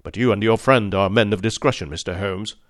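A man's voice: on the low side, brisk, fairly bright tone, dry recording, lightly acted. Man reading as a haughty old male aristocrat, stately and impatient, dry close sound. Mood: stern. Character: stern, proud aged male nobleman.

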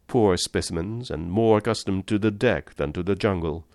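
A man's voice: sits low, moderate pace, darkish tone, no echo, clean studio sound. A man reading the part of a polished, amused and condescending aristocratic general with cold-blooded views. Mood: suave.

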